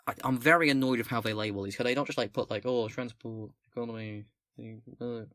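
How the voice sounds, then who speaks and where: A man's voice: mid-range voice, fast, bright, forceful tone, no echo. Young guy reading stuff out and commenting, swears a lot, trips on words, dry close mic. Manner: sweary, stumbles while reading, self-mocking asides. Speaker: political commentator. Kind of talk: reading aloud a document with commentary.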